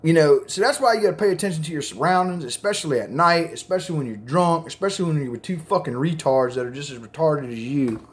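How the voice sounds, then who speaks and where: A man's voice: on the high side, lively intonation, quick pace, hardly any pauses. A man telling a crude, rambling story to camera in casual, profane chat. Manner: rambling, crude, full of fillers.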